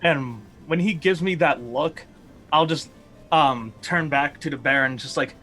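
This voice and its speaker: A man playing a tabletop game over a call, briskly describing what his character does. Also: on the high side, pushed and bright. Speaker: player.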